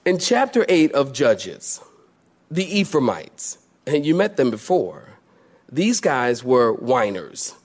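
A man preaching a sermon, animated and joking, acting out voices from the story. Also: medium pitch, slow pace. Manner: animated, laughs while preaching, acts out quoted voices. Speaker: pastor.

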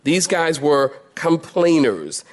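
Animated preaching man, fairly high voice. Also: takes it slowly. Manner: animated, laughs while preaching, acts out quoted voices. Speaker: pastor. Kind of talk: sermon.

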